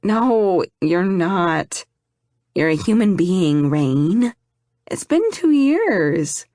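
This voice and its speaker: A woman reading an audiobook, voicing an affectionate young man who reassures his friend in a gentle, playful way. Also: on the low side, big pitch swings, very slow, dry recording, studio quality, exaggerated voice. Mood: urging.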